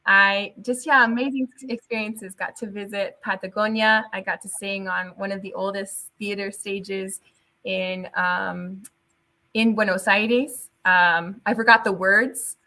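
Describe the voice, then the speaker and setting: A young adult woman with a bright, crisp tone speaks as a guest in a casual interview. She tells her stories in an animated way, laughing often and switching into Spanish at times. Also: mid-range voice, unhurried. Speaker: teacher guest.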